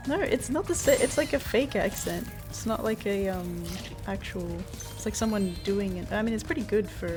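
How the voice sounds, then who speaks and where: A woman's voice: mid-range voice, normal speed. A woman streamer chatting casually and laughing as she plays a video game. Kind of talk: casual gameplay commentary. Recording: game music behind.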